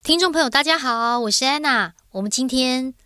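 A woman with a Taiwanese Mandarin accent teaching grammar in a lively way, drawing out her sentence endings. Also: sits high, a little fast, clear, resonant tone, no echo, clean studio sound. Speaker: Chinese teacher.

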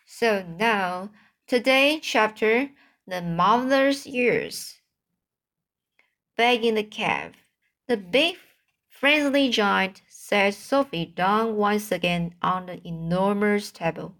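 Woman reader, children's book read aloud, slow and careful, mid-pitched. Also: animated, fairly bright tone. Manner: slow, careful, with small slips and restarts.

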